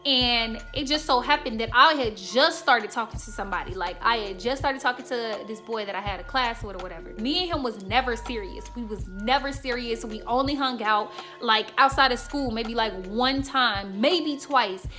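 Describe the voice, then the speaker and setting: A woman's voice: on the high side, moderate pace, few pauses, music in the background. A young woman in her twenties from the Chicago suburbs, telling candid stories to her viewers in a slangy, frank casual vlog. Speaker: YouTuber.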